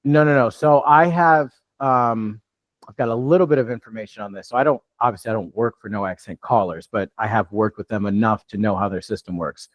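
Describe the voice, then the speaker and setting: Relaxed male coach on a muffled call. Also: lowish voice, brisk, dry recording. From New York, USA. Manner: loose, conversational, with many restarts. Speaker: real estate deal coach. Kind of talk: live online training Q&A.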